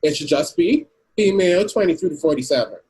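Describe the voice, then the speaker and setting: Man, podcast host, slightly high husky voice, argumentative, steers the group talk. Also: expressive, fairly quick, a little mellow, rough recording. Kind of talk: casual group discussion.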